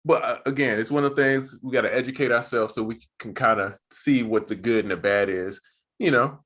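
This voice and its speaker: A man co-hosts a podcast about music production, talking casually and full of slang. His voice sits at a middle pitch. He tells stories in an animated way and calls his co-host "bro.". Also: brisk. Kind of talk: casual chat.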